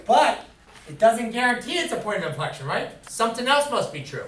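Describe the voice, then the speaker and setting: A man's voice: very high-pitched, sing-song, fairly quick, a bit bright, a little hiss or hum. A man teaching a math class in a classroom, quizzing students with fill-in questions. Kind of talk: classroom lecture. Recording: echoey room, far from the mic.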